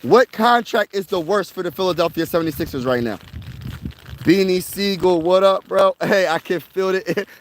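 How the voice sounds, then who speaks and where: A young man livestreaming casual sports talk while walking a snowy trail outdoors, excitable and slangy, repeating himself often. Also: sits high, moderate pace, a little hiss or hum. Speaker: sports vlogger covering his city's teams.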